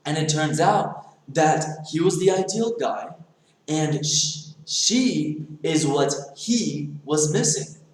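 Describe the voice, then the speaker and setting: A man telling a motivational story and acting out the dialogue as he goes. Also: a little high. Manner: animated, acts out dialogue in the telling. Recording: very echoey room.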